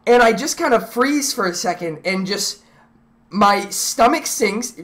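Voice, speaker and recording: Excitable young woman rambling on stream. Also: mid-range voice, measured pace. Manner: rambling, excitable, many restarts and "like"s. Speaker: live streamer. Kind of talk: casual storytelling to a live chat.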